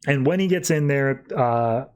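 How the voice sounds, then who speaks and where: A man's voice: medium pitch, measured pace, darkish tone, clear, resonant tone. A man hosting a podcast, casually recapping and reviewing a comic book with lots of "uh" and "like". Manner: retells scenes breezily, with lots of "uh" and "like". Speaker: podcast host.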